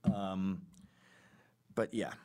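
A man hosting a podcast, telling stories in a casual comedic monologue with quick asides. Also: sits low. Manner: animated storytelling with quick asides and laughs. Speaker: podcast host.

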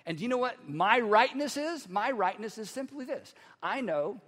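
A man with a noticeably high-pitched voice delivers a sermon from the pulpit. He talks in a conversational, animated way and slips in playful asides. His words echo with the long reverb of a church hall. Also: normal speed. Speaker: pastor.

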